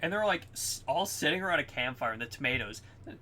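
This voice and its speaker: A young man co-hosting a podcast in casual chat, excitedly recapping scenes, swearing often and acting out quotes. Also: medium pitch, fast talker, slight background noise. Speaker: podcast co-host.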